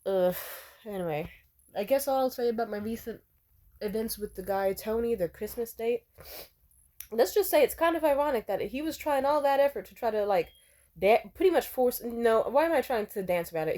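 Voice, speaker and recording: Blunt, mellow-voiced young woman vlogger. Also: on the high side, expressive, brisk. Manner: blunt, profane, conversational with many fillers. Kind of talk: candid personal storytelling.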